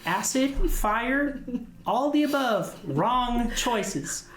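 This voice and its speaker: Male game master putting on a shrill, blunt gothic girl adventurer in a tabletop game, echoey room. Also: expressive, extremely slow, crowd noise, heavily acted. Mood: scolding. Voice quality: high-pitched with a rustic accent. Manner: scolding, blunt. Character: short gloomy occult young woman adventurer.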